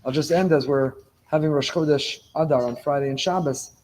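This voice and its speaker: Male rabbi, slightly high, soft and mellow tone; emphatic sermon delivery, repeats key lines, drops Hebrew terms throughout. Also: brisk, slight background noise. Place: synagogue before a live congregation.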